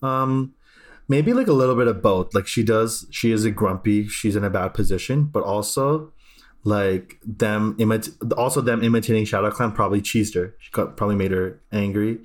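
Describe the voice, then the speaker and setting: Low-voiced easygoing man chatting. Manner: easygoing, quick to agree, lots of "like". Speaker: podcast co-host. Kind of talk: casual book-club chat.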